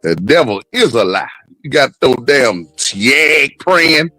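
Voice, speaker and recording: A man's voice: medium pitch, very animated, slow pace, bright, forceful tone, no echo, soft background music, poor audio. A man in casual panel chat, crude and mocking, laughing as he talks. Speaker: panel caller.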